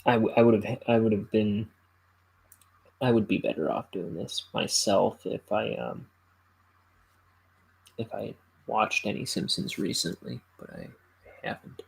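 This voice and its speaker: A young man hosting a solo podcast, chatting casually in a halting, rambling way full of fillers. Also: lowish voice, creaky, low-quality recording. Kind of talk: casual chat.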